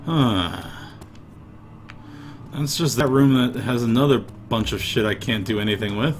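A man's voice: medium pitch, measured pace, a little hiss or hum. A man giving profane, irritable gameplay commentary, mumbling to himself as he plays, into a desk mic. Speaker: let's play gamer.

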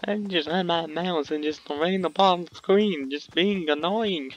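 A man's voice: a little high, normal speed, muffled recording. A man casually commentating a video game, playful and teasing, laughing often. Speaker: gameplay commentator.

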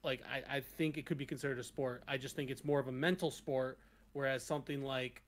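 A man's voice: mid-range voice, steady tone, brisk. A young man talking in a casual podcast chat, hesitant and full of restarts and "like.".

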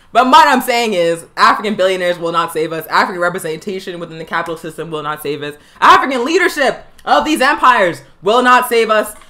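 A woman's voice: medium pitch, pushed and bright. A young woman hosting a live political talk show, fiery and emphatic, hammering points home by repeating phrases. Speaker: political education show host.

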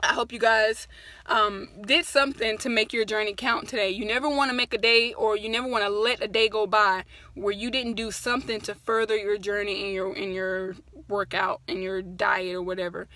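A woman's voice: a little high, pushed and bright, dry recording. A woman vlogging from her parked truck, tired after a workout, chatting in a rambling, encouraging way. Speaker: fitness vlogger. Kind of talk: casual chat to camera.

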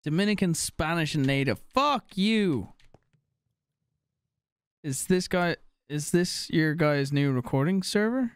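A young male streamer talking over his game in a loose, swearing, jokey way, answering chat as he plays. His voice sits a little high for a man and swings up and down a lot as he riffs. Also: animated, slow pace, clean tone, dry recording. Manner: crude, joking, swears a lot, reads chat aloud. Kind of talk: casual live-stream commentary.

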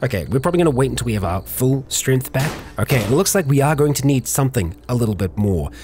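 Calm, chatty man narrating a game. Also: medium pitch, quick pace, a little hiss or hum. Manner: calm, chatty, narrates in third person about his character. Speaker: let's play host narrating a survival game. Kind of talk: roleplay-style game commentary.

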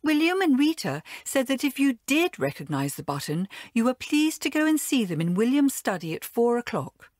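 A woman's voice: a little high, very animated, normal speed, hardly any pauses, darkish tone, no room sound, studio quality, voice pushed up. A woman voicing a sensible schoolgirl who speaks solemnly and soothingly.

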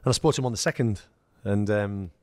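English ex-footballer guest, low dry voice, anecdotal and animated. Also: male voice, quick pace, no room sound. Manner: storytelling, acts out quoted dialogue, laughs. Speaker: former footballer, podcast guest. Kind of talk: casual anecdote telling.

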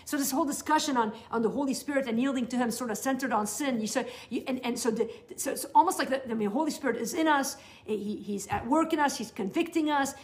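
A woman's voice: sits high, fast talker, hardly any pauses. A middle-aged woman giving a teaching session to new believers, talking in an earnest, conversational way with frequent restarts. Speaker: Bible teacher.

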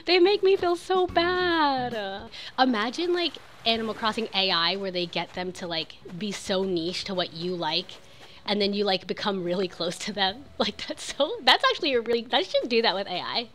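A young woman chatting excitedly while streaming a video game, full of "like" and quick reactions. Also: mid-range voice, a little hiss or hum. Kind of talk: casual game streaming chat.

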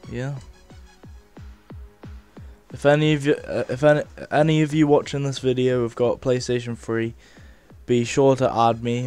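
A young man rambling casually through a let's-play of a game on a headset mic, with lots of fillers and sudden shouts of frustration. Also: medium pitch. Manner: rambling, filler-heavy, bursts into rage shouts. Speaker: gaming video host.

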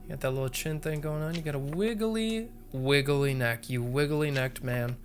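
A man's voice: fairly high pitch, moderate pace, soft background music. A man doing joking horror game commentary, talking to viewers and muttering codes under his breath. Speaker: gaming video creator.

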